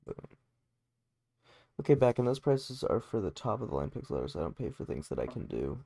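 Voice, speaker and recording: A man's voice: mid-range voice, sing-song, fairly quick, gravelly, pauses often, warm tone, slightly rough, no room sound, studio quality. A tired man livestreaming game development, casually chatting and answering viewer questions while he works. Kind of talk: casual livestream chat and coding explanation.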